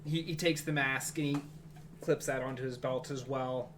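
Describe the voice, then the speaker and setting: A man's voice: medium pitch, fairly even intonation, normal speed, background noise. A man narrating as game master in a casual, rambling way.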